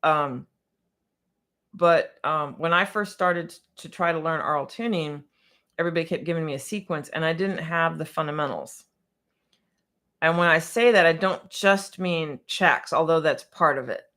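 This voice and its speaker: A woman's voice: low-pitched, normal speed, a bit bright. A woman piano technician answering viewer questions on a casual livestream, chatty and a bit scattered, with frequent restarts and laughter.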